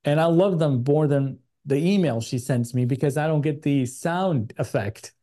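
A man with an American accent from Chicago, an energetic and enthusiastic podcast guest. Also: fairly high pitch, moderate pace. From United States. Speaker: guest, agency CEO. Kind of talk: podcast interview.

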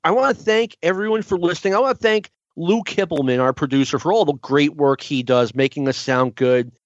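A chatty male podcast host with a slightly high voice that has gone a little hoarse. He rambles through his stories in a casual way. The sound is dry and a bit dull, like a lo-fi recording. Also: brisk, no room sound. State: losing his voice.

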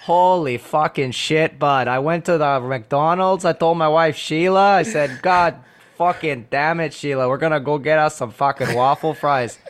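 A man doing a gruff cussing Maritimer drawl. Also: fairly high pitch, pitched below the performer's own voice, lightly acted. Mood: rowdy. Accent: Canadian Maritime. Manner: slow, profane, drawn-out drawl.

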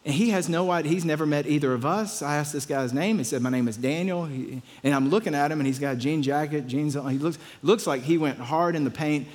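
A man's voice: fairly high pitch, a little fast, few pauses, darkish tone, big-room sound. A pastor telling a story in a conversational sermon, often repeating his words.

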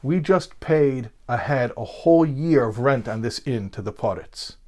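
A man's voice: medium pitch, expressive, a little slow, darkish tone, close to an everyday voice. A man voicing a simple, bewildered male innkeeper in a told story, speaking earnestly. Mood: anxious pleading.

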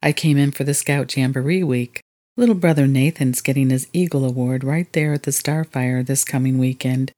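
A man's voice: medium pitch, steady tone, normal speed, darkish tone, pitched below the performer's own voice, natural voice. Woman reading as a rugged young man, hesitant. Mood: eager.

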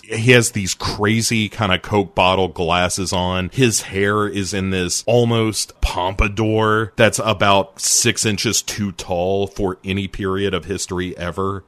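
A man co-hosting a casual movie review podcast, telling stories with wry, animated asides. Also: low-pitched, dry recording. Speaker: podcast co-host.

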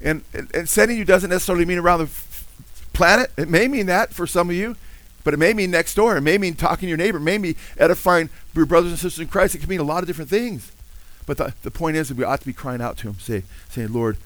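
A man's voice: a little high, fast, a bit bright, dry recording, poor audio. Fervent preacher man, dry close sound. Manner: fervent, emphatic, casual asides. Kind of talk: sermon.

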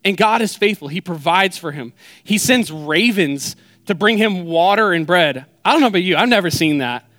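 A young pastor with a high, light voice preaches in a relaxed, conversational way. He retells scripture with playful asides to the congregation. The sound is dry and close, with no room around it. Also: normal speed, no room sound. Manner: softens into a hushed prayer. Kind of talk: sermon.

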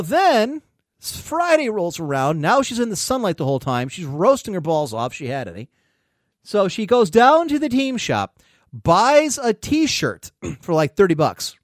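A man's voice: a little high, no room sound, clean studio sound. A male podcast host telling a casual, profane story, often quoting others in a raised voice.

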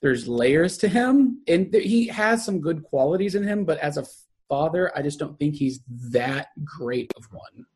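A co-host chatting casually, relaxed and laughing often. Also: mid-range voice, normal speed, breathy edge. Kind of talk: casual chat.

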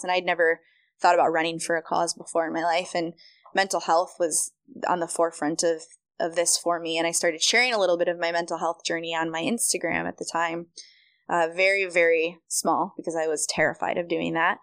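A young woman with a fairly low voice tells her own story as a podcast guest, chatty and animated, acting out what people said to her. The recording is dry and close, with no room sound. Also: fairly quick, no room sound. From Michigan, USA. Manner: chatty, animated, acts out quoted dialogue. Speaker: podcast guest, running coach. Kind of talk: casual storytelling interview.

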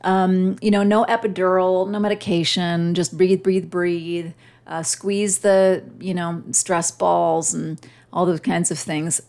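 A woman's voice: lowish voice, fairly even intonation, creaky. Heartfelt woman podcast host. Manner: warm, heartfelt and chatty, with emotional pauses. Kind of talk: personal storytelling monologue.

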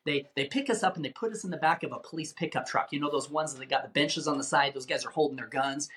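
Animated storytelling man, slightly high voice. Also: fast. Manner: animated, acts out quoted voices, repeats words. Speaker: guest. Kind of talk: dramatic storytelling in an interview.

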